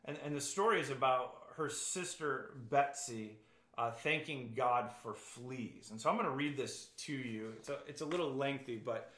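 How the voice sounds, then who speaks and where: A man preaching a sermon, earnest and halting, with frequent restarts. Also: medium pitch, fairly bright tone. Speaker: pastor. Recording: echoey room.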